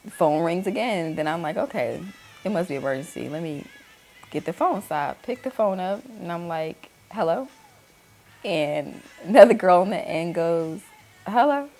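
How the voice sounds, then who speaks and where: A woman's voice: on the low side, darkish tone. A woman in her thirties, host of her own talk channel, candidly telling a personal story and acting out the voices of people she quotes. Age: 30s.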